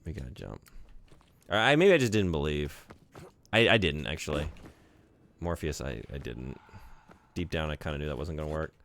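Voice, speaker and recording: Deep-voiced, lively rambling male streamer. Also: normal speed, pauses often, a little hiss or hum. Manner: rambling, filler-heavy, swears casually. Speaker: game streamer. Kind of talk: casual gaming stream chat.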